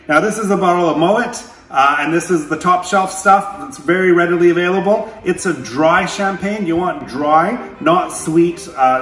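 Male cooking host, slightly high voice, relaxed and chatty, echoey room. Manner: relaxed, chatty, with frequent filler words. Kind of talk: casual cooking demonstration.

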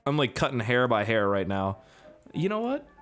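Young male gamer, casual joking playthrough talk, animated delivery over soft game music. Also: mid-range voice, moderate pace. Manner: profane, excitable, jokey. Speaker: gaming YouTuber. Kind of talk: casual gameplay commentary.

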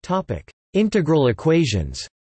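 A male text-to-speech voice reading an encyclopedia article aloud, spelling out formula code letter by letter in a flat synthetic manner. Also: on the high side, a little slow, breathy edge, no echo.

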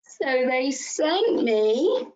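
Lady doing a kids story session, super slow and bouncy, gasps a lot, gets the little ones joining in. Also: sits high, highs cut off. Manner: animated sing-song, gasping with delight, coaxing toddlers to join in. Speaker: early years practitioner.

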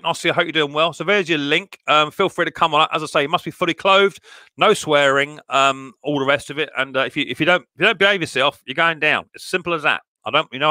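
A man's voice: on the high side, bright, forceful tone, no echo, clean studio sound. Chatty man hosting a live stream. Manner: chatty, greets viewers by name, firm about rules. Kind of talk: casual live stream chat. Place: garden shed workshop.

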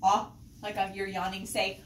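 A woman singing teacher coaching children in a studio lesson, encouraging them and modeling pitches for them to copy. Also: completely flat delivery, normal speed, recorded from a distance, a little hiss or hum. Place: music studio room. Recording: echoey room, voice off-mic, loud music.

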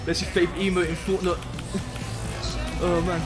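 A young English man live-streaming a video game, excitable and loud, swearing and chatting to his viewers. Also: high-pitched. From England. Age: young adult. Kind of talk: live gaming commentary. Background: game music.

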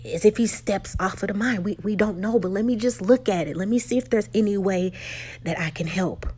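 A woman plays a calm male researcher offering help in quick, earnest sentences. The husky voice stays close to the reader's own. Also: medium pitch, natural voice.

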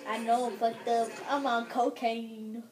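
A woman chatting casually with friends while gaming, loud and excitable, swearing freely. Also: fairly high pitch, unhurried, faint music behind, low-quality recording. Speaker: gamer playing with friends.

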